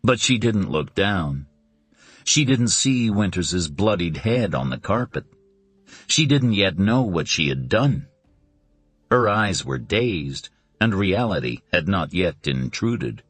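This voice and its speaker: Slow, low-voiced male audiobook narrator. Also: big pitch swings, fairly bright tone, no echo. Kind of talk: scripted narration of a suspense novel.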